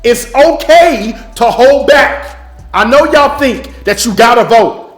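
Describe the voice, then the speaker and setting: A man's voice: very high-pitched, expressive, slow pace. A man delivering an impassioned, blunt, profane monologue as a music business coach. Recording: echoey room, faint music.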